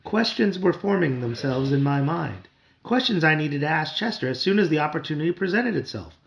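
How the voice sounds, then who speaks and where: Man reading a kids' book aloud, wry expressive telling, gravelly, slightly high voice, dull lo-fi home recording. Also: brisk, slight background noise. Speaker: father reading to his child. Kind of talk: reading a children's novel aloud.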